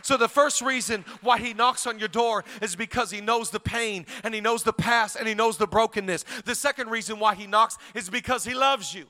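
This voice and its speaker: A man preaching to a congregation in a high, bright, ringing voice. He drives home his points with repeated phrases, rising to shouted calls for praise. Then he pulls back into quiet, intimate stretches. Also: fairly quick, few pauses, big-room sound. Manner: swings between shouted exclamations and hushed, quiet passages; repetitive, emphatic phrasing. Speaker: pastor. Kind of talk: live sermon. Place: church service.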